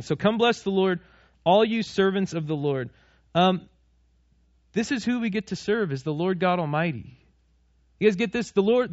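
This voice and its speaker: A man's voice: high voice, a bit bright, no echo, highs cut off. A man in his thirties, a pastor, preaching a sermon in a conversational way, asking the congregation questions and joking with them.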